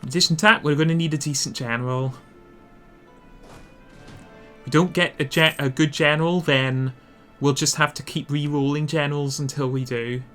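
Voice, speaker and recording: A man's voice: fairly high pitch, fairly even intonation, moderate pace, long pauses, a bit bright, faint music behind. A man narrating an instructional strategy game guide, explaining his plans while thinking aloud and correcting himself as he goes. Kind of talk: instructional gameplay commentary.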